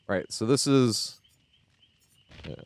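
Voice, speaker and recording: A man chatting casually on a live game stream, excitable and profane, laughing often. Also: mid-range voice, slow, slight background noise.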